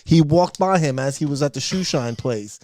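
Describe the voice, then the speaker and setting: A man's voice: on the high side, moderate pace. A man telling profane stories in comedy podcast banter, acting out quotes as he goes. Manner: animated storyteller, profane, acts out quotes. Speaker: podcast guest or co-host. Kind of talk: casual comedy podcast chat.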